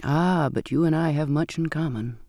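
A man reading an audiobook and voicing a soft-spoken, unsettling old sailor with a slow, courtly manner. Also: on the high side, dry recording, clean studio sound, natural voice. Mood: soft, coaxing. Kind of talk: audiobook character voice.

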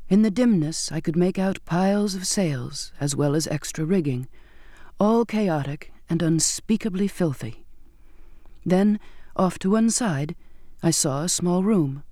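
A woman narrating a first-person audiobook in a measured, descriptive storytelling manner, recorded close in a studio booth. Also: on the low side, animated, mellow, dry recording.

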